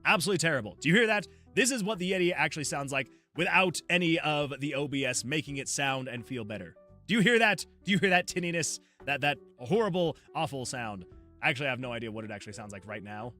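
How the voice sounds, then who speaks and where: A man with a medium-pitched, sharp-toned voice talks fast and animatedly, with faint music behind him. He's a solo game developer on his livestream, chatting casually through a USB desktop mic, laughing a lot and reading chat messages aloud.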